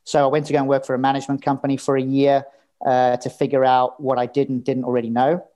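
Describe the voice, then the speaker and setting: A man's voice: mid-range voice, monotone, fast, warm tone. A man talking as a podcast guest, telling his story in a candid, casual way and swearing now and then. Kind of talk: casual interview chat.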